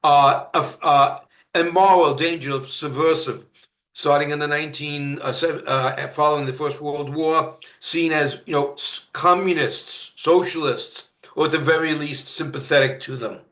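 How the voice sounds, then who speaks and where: A man from Canada giving a university lecture, halting with many fillers and restarts and stressing each word of a list. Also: fairly high pitch, level tone, a bit bright, reverberant. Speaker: guest lecturer. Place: lecture room.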